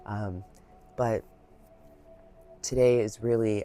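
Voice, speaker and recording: A woman giving a reflective guided Reiki talk, soft-spoken, heartfelt and rambling, with many fillers, a little emotional. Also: a bass voice, animated, normal speed, faint music behind. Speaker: Reiki practitioner.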